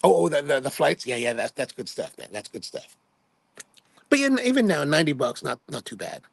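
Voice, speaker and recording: A man's voice: fairly high pitch, big pitch swings, fairly quick, creaky, slightly rough, no echo. A man in his fifties from Hawaii, hosting a livestream and telling rambling, chatty anecdotes in which he quotes himself playfully. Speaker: livestream host. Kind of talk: casual livestream storytelling.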